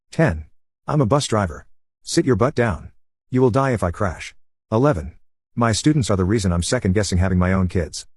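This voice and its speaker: A man narrating online stories in an even, unhurried reading voice. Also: on the low side, breathy edge, dry recording, studio quality.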